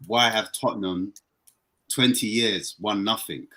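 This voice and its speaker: A football fan joins a casual podcast as a guest, talking at a moderate pace with a slightly rough voice. He's animated and easily excited, his voice climbing when worked up.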